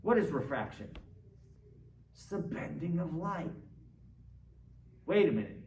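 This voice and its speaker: A man's voice: on the high side, big pitch swings, unhurried, a little mellow. A man teaching a philosophy class in a conversational way, quizzing his students and checking in with them often. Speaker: philosophy lecturer. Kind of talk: classroom lecture. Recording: roomy classroom, distant mic, faint noise.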